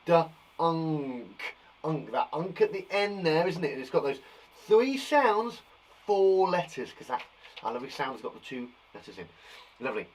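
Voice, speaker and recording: Man, primary teacher, phonics lesson, encouraging, sounds out letters, sing-song pitch, slow pace. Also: a little hiss or hum, low-quality recording. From England. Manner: lively, encouraging, sounds out letters slowly and stamps on sounds. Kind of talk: live phonics lesson for young children.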